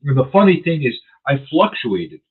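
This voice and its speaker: Guy radio host chewing gum, husky voice, rambly, sounds like a phone line. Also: mid-range voice, normal speed. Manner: chatty, rambling, animated when riled up. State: chewing gum while talking. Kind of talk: casual radio chat.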